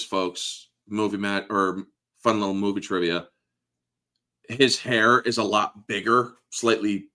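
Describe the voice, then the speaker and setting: A man's voice: lowish voice, sharp tone. A man in his thirties chatting casually about a movie, emotional and profane, laughing often. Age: 30s. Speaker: podcast host. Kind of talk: casual movie review chat.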